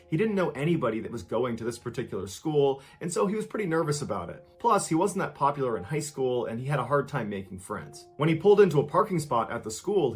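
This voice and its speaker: A man tells true stories in vivid, dramatic narration. His voice sits at an ordinary middle pitch. He delivers the stories as scripted narration. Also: slightly rough. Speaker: storyteller.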